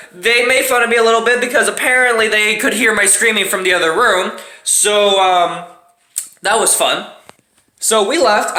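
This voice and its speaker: A man hosting a casual storytime vlog, talking fast and animatedly with plenty of profanity. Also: high-pitched, sharp tone, roomy sound. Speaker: vlog host.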